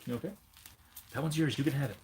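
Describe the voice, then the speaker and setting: A man's voice: mid-range voice, fast, background noise. A man hosting a casual livestream, chatting in a rambling way and breaking off to talk to his dog. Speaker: livestream host.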